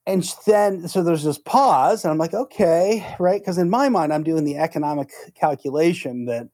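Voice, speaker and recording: A middle-aged man co-hosting a podcast, telling a story in a casual, animated way and acting out the lines he quotes. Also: on the high side, normal speed, few pauses, no echo. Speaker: podcast co-host; negotiation instructor.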